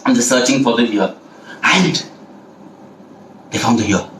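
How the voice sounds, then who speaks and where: Male storyteller, animated and repetitive, echoey room with faint hiss. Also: mid-range voice, unhurried, distant mic. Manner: playful, animated, heavy repetition, asks listeners questions. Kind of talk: oral storytelling for children.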